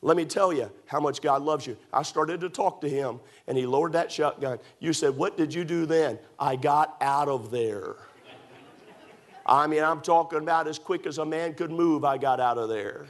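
A man's voice: on the high side, normal speed. A man preaching a sermon, building with emphatic rhetorical questions and storytelling. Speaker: pastor.

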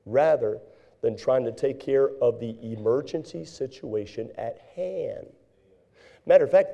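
Gravelly, dark-voiced man preaching a folksy sermon. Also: mid-range voice. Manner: folksy, animated preaching with acted-out frantic voices. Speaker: pastor.

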